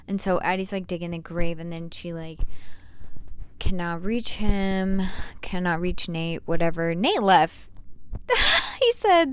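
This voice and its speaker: A woman's voice: lowish voice, expressive, moderate pace, clear, resonant tone. Slangy young woman rambling book recap. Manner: slangy, rambling, sarcastic asides. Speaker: book reviewer. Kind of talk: casual book review vlog.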